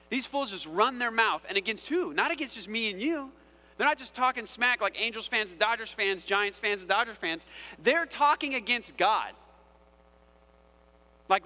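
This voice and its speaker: Bright, high-voiced preacher man. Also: big-room sound. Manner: casual, conversational, animated, asks the audience "right?". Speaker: pastor. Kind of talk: sermon.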